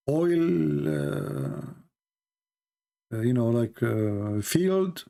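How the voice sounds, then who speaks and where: Mocking higher-voiced man, Arabic native. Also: vocal fry, darkish tone. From Middle East. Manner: mocking, sarcastic. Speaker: religious commentator. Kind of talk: casual commentary over a video.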